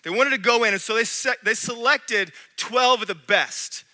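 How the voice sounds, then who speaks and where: Male pastor, sermon, sharp tense tone, animated, rising and dropping in volume. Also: very high voice, moderate pace. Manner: animated preaching, swinging between loud and hushed delivery. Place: church.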